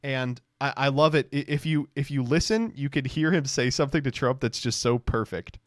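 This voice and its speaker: A man's voice: medium pitch, fairly even intonation, a little fast, no room sound, clean studio sound. A man streaming, giving casual, mocking reaction commentary in a rambling way.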